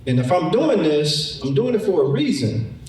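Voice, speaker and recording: A man's voice: fairly high pitch, very animated, moderate pace, darkish tone, voice pushed up. A man voicing a loyal male donkey that pleads with its rider in a plain, reproachful way. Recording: echoey room, mic far off.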